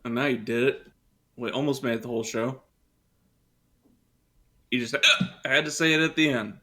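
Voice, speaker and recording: A man's voice: medium pitch, normal speed, a bit bright. A man co-hosting a streamed podcast, easygoing and teasing while he signs off, with the hiccups. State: has the hiccups. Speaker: podcast co-host. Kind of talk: casual stream chat, signing off.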